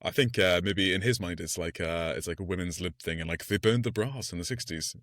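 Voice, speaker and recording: A man chats through a film's plot on a podcast, laughing as he goes. His voice is dry and close, with no room sound around it. He breaks into quick acted-out quotes of the characters. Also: deep voice, fairly bright tone, dry recording. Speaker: podcast co-host. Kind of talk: casual chat recapping a film.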